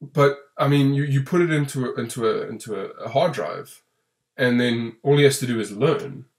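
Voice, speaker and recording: A man, co-hosting a casual film review and talking in long, restarting runs that grow animated when he complains. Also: medium pitch, moderate pace, creaky. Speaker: podcast co-host reviewing a film.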